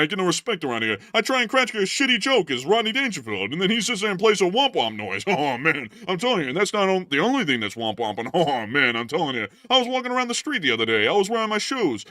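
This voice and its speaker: A man's voice: on the high side, pushed and bright, no echo, voice pushed up. A man doing an impression of a self-pitying old-school stand-up comedian, whining and repeating the same pet phrase between jokes. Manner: whiny, repeats "oh man, I'm telling you".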